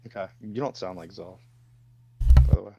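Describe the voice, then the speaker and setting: A man's voice: low-pitched, moderate pace, dull audio. A man playing a tabletop game, talking casually and explaining his reasoning with restarts. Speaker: player.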